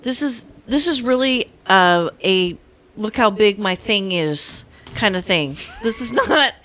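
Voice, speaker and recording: A woman co-hosting a casual podcast, opinionated and quick to laugh. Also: medium pitch, animated, fairly bright tone. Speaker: podcast co-host. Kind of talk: casual chat.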